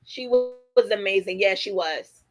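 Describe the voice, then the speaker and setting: A woman's voice: medium pitch, moderate pace, poor audio. A woman hosting a casual livestream, chatting with lots of fillers and reading viewer comments aloud. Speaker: livestream host.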